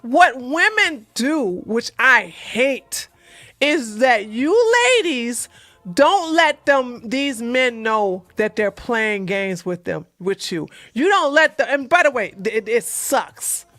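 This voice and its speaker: A woman with a high, bright voice talks her viewers through relationship advice in a blunt, emphatic way. Her speech is plain and slangy, and she hammers her points home by repeating them. The recording is dry and close, with no room sound. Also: animated, slow pace, dry recording. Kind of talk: casual advice talk to viewers.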